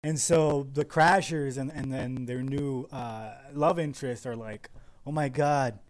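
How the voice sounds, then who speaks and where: A young man co-hosting a comedy podcast, rambling through a film pitch with many fillers and laughs. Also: fairly even intonation, a little slow. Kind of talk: casual improvised comedy chat.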